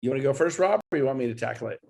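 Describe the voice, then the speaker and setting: A man's voice: medium pitch, expressive, rapid-fire, gravelly, a little mellow. A man coaching on a webinar video call, talking emphatically and pushing his listeners, often climbing into exclamations. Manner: emphatic, pushy, builds to exclaiming. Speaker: real estate coach. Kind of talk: motivational webinar talk.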